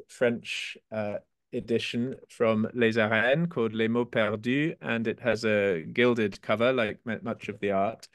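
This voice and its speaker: A man, an author being interviewed, who speaks haltingly with many restarts and reads his poems slowly. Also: mid-range voice, dry recording, clean studio sound. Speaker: author guest. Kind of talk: interview and poetry reading.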